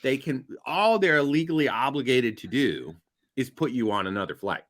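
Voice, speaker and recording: A man telling a long anecdote as a podcast guest, animated and building to loud punchlines. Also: medium pitch, moderate pace. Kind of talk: casual storytelling.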